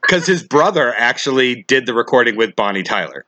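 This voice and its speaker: A man hosting a podcast interview, telling stories in an animated, rambling way. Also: mid-range voice, fairly quick, a little hiss or hum. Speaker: podcast host. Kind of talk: casual interview chat.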